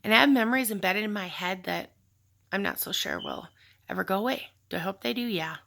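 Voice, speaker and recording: A woman's voice: medium pitch, very animated, a little fast, creaky, bright, forceful tone. A woman telling a personal story in a candid, reflective vlog, with sighs and fillers. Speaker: vlogger telling her story.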